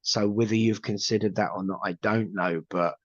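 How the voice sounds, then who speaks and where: A man gives a live spirit reading in a lowish voice, stumbling through fillers and repeated words. The sound is dull and dry, with no room around it. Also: fairly even intonation, normal speed, no room sound. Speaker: psychic medium.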